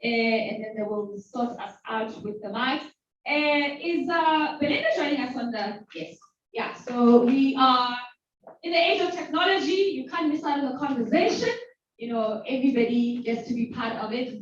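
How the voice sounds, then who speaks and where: A woman in her forties from South Africa, hosting a talk and telling a personal story to a live audience, lively and playful. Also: high-pitched, moderate pace, a little hiss or hum. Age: 40s. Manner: animated, playful, acts out voices of others. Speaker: host. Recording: very echoey hall from far off, dull sound.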